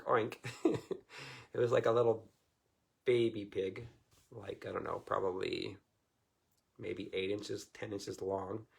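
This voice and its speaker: A man's voice: fairly low pitch, vocal fry, breathy edge. A man preaching informally to viewers, rambling in a folksy way and chuckling often. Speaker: Christian minister.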